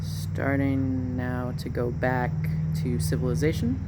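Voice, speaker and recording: A man's voice: mid-range voice, little pitch movement, slow pace, very noisy. A man vlogging outdoors while cycling through town, narrating casually with wry asides and plenty of "uh"s, recorded on a bike-mounted camera. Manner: rambling, wry asides, frequent "uh". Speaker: transit vlogger.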